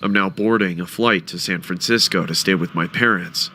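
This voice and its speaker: A man narrating a first-person horror story with a dramatic, expressive delivery. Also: sits low, normal speed, a little hiss or hum.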